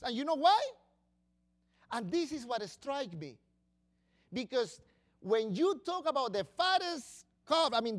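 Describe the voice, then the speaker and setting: Animated male preacher. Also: extremely high pitch. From Latin America. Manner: animated, swings between loud bursts and quiet asides. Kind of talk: sermon.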